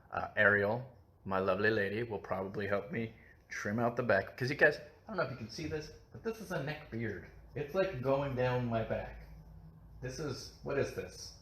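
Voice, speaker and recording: A man chatting casually on a live stream about books, with a lowish voice and a bright, forward tone. He rambles along, full of filler words and jokes at his own expense. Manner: rambling, filler-heavy, self-mocking. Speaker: live-stream book show host.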